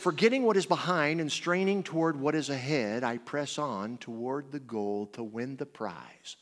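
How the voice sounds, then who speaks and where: Animated male preacher in a reverberant church. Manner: animated storytelling with big swings in pitch and volume. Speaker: guest preacher. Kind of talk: sermon. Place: church sanctuary.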